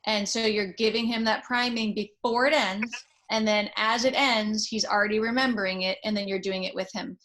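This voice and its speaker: Measured woman psychologist coaching a parent. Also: medium pitch, little pitch movement, fairly bright tone, low-quality recording. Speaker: child psychologist advising a parent. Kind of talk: supportive advice.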